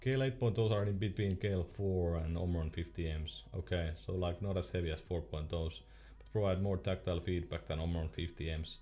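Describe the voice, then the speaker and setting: A man's voice: low voice, a little fast, hardly any pauses, warm tone. A young man streaming casually, reading chat questions aloud in a laid-back way and laughing often.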